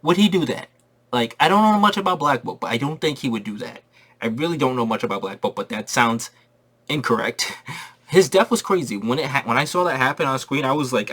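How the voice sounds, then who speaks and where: Slangy and excited, this man talks through a film with spoilers in a casual way, saying his main points more than once for emphasis. His pitch is medium, with a breathy edge to it.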